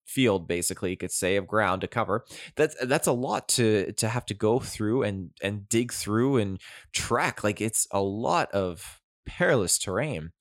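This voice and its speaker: A man's voice: on the low side, fairly bright tone, dry recording, studio quality. A man hosting an opinionated commentary vlog, talking in a conversational, skeptical way with digressive asides. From Canada. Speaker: commentary channel host.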